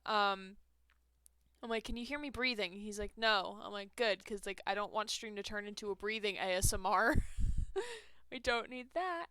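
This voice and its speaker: A woman's voice: mid-range voice, moderate pace, sharp tone, clean tone, no room sound. A young woman streaming a game from home on a headset mic, chatting casually, laughing often and poking fun at herself. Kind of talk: casual live-stream chat while playing a game.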